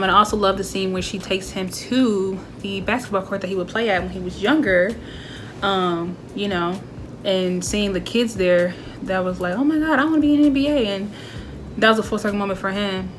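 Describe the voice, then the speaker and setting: A woman's voice: medium pitch, noisy background. A young woman chatting casually as she reviews a favorite movie, talking animatedly and acting out bits of dialogue.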